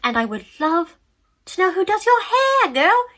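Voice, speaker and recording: A woman's voice: extremely high pitch, very animated, unhurried, pitched above the performer's own voice, full character voice. A woman putting on an exaggerated English accent as a brash, sassy lady who calls out to people. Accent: put-on English. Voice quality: shouty, exaggerated.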